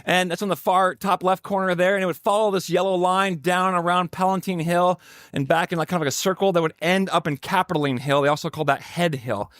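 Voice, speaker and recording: A man's voice: sits high, steady tone, fast talker, a bit bright, no room sound. Conversational man preaching a sermon, dry sound. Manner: conversational, joking asides to the congregation. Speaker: pastor.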